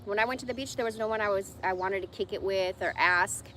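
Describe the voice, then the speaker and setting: A woman's voice: medium pitch, quick pace, a bit bright, slight background noise. Blunt, foul-mouthed woman in her forties ranting. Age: 40s. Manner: profane, venting, blunt. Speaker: livestreamer. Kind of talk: casual ranting monologue.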